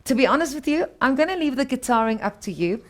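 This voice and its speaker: A woman's voice: high voice, lively intonation, fast. Woman, co-host, guitar student, curious, upbeat, casual chat. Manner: curious, asks questions, upbeat.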